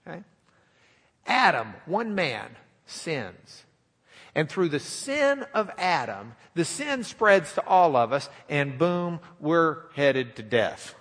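A man preaching a sermon in a folksy, animated, joking way in a church sanctuary. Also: on the high side, slow pace, big-room sound.

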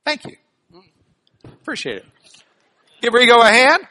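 A teacher giving a classroom lecture on Bible translation to an audience, explaining ideas with everyday examples in an animated way, speaking into a microphone. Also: mid-range voice, a little slow.

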